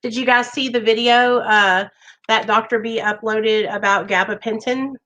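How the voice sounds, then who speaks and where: A woman's voice: fairly high pitch, steady tone, normal speed, bright, forceful tone, low-quality recording. A woman hosting a recovery live stream, talking straight to her viewers in an earnest, reassuring way. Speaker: recovery livestream host.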